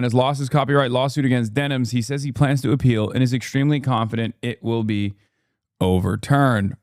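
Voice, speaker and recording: A man from the United States hosts a livestream, reacting to the news with an offhand, sarcastic edge. His voice is smooth and clean, recorded close and dry with no room sound. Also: mid-range voice, normal speed, no room sound. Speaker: livestream host and political commentator. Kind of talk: casual livestream commentary.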